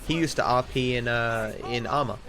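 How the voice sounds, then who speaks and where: A young Australian streamer talks at normal speed in a mid-range voice, rambling through casual chat as he plays, with candid opinions and lots of restarts. Game music plays underneath.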